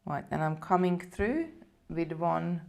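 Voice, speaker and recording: A woman's voice: lowish voice, takes it slowly, gravelly, a little mellow. A woman presenting a live beading tutorial, chatting casually and talking viewers through each step as she works. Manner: chatty, talks viewers through steps while working.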